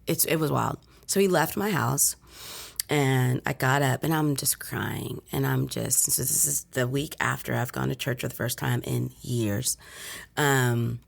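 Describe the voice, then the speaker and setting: Woman sharing her testimony on a podcast, low gravelly voice, acts out what she was thinking. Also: a little slow. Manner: vivid, acts out her own past thoughts. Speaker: podcast guest. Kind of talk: personal testimony storytelling.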